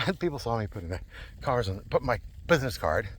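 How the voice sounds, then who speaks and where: A man's voice: medium pitch, sing-song, fast, a little hiss or hum. A man talking to camera in a rambling, digressive monologue, repeating himself and laughing often. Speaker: vlogger.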